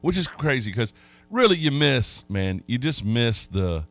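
A man's voice: mid-range voice, sing-song, unhurried, no room sound. Rambling, folksy male radio host. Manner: rambling, folksy storytelling with many restarts. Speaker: radio sports talk host. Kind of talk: casual sports radio chat.

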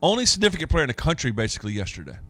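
A man hosting casual sports talk radio, telling stories and getting animated when he quotes others. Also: fairly high pitch, rapid-fire.

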